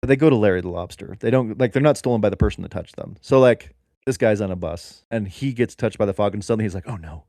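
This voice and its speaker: A man co-hosting a comedy podcast, rambling through an absurd improvised story in a deadpan way. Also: on the low side, fast talker, dry recording, clean studio sound. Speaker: podcast co-host.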